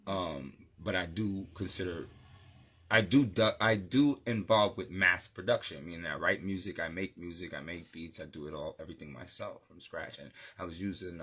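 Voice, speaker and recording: A music producer from New York City chats casually as an interview guest, laid-back and slangy with lots of fillers. His voice is low-pitched and a bit bright, with a little hiss or hum in the audio.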